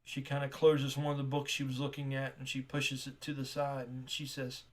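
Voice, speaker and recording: A man narrating a tabletop role-playing game as game master. He talks in a chatty, animated way. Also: medium pitch, normal speed. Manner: animated, chatty, laughs easily.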